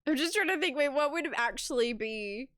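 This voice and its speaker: A woman's voice: high-pitched, animated, normal speed, a bit bright, dry recording, clean studio sound. A young woman streamer chatting casually with her viewers, giggly and talkative, reading messages aloud.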